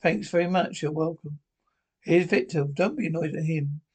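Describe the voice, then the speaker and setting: Casting: a crude, bickering old pensioner, slightly high voice. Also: male voice, normal speed, a little mellow, breathy edge. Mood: banter. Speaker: sitcom pensioner. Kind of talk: broadcast sitcom acting.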